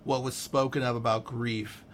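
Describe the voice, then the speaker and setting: A man's voice: mid-range voice, flat delivery, moderate pace, slight background noise. A man hosting a podcast in casual chat, rambling with many restarts. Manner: rambling, self-interrupting, lots of restarts. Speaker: podcast host.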